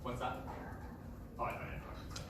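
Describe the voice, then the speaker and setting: Man directing a band in an echoey room. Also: brisk. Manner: encouraging, counts in and sings passages. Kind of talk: rehearsal instruction. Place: large echoey rehearsal room. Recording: echoey room from far off, noisy.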